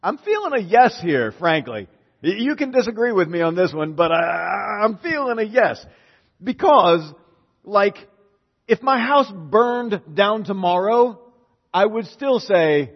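A middle-aged man preaching a lively sermon, quizzing the congregation and acting out prayers. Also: sits high, a little slow. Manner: animated, questions the congregation, acts out prayers. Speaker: pastor. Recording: dull reverberant hall.

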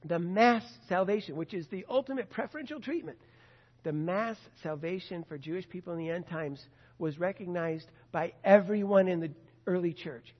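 A high-pitched man preaching Bible teaching with emphatic stresses that swell to loud peaks. His voice carries a long reverb, as if in a large hall. The recording sounds dull and muffled. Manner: emphatic, rising to loud stresses on key phrases. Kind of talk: sermon-style Bible teaching.

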